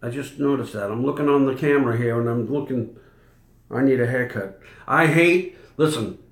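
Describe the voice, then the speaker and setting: A man in his fifties with a Boston accent talks straight to his camera in a loose, rambling vlog chat. He keeps cutting himself off and restarting his thoughts. His mid-pitched voice rings in an echoey room. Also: fairly quick. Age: 50s. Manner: rambling, self-interrupting. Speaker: vlogger.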